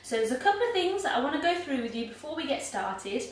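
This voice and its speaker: Brief: cheerful English woman, high voice, baking livestream host, far from laptop mic, faint room noise. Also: very animated, quick pace, heavy reverb. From England. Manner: bubbly, chatty, self-mocking. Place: home kitchen. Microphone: laptop mic from across the room.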